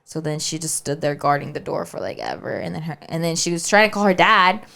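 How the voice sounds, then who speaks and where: A woman's voice: low-pitched, fairly quick, vocal fry, pushed and bright. A woman podcast co-host casually telling a spooky story, chatty and always checking in with "right?" and "like.". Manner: chatty, keeps saying "right?" and "like".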